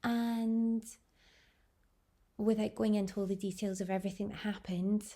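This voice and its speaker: Vlog host, young woman, husky warm voice with some fry, gushing personal storytelling. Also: medium pitch, little pitch movement, normal speed. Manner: effusive, gushing superlatives.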